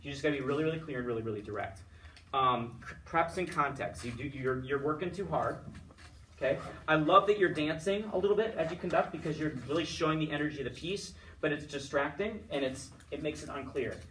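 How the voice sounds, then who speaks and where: After a choral conducting lesson, a man gives a student chatty, upbeat feedback full of fillers and restarts, singing solfege and chanting rhythm words to demonstrate. His voice is a little high, a little fast and fairly bright, recorded from a distance with slight hiss or hum.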